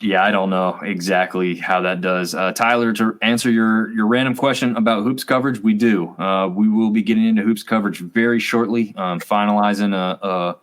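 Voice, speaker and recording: A man's voice: on the low side, steady tone, brisk, few pauses. A man co-hosting a college sports review show, chatting casually and rambling with fillers. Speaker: co-host.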